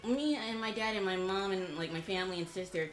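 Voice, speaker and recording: A woman from Georgia in the US, a guest on a game stream, venting in blunt, profane talk with halting restarts. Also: medium pitch. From Georgia, USA. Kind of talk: casual chat on a game stream. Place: home room. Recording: roomy echo.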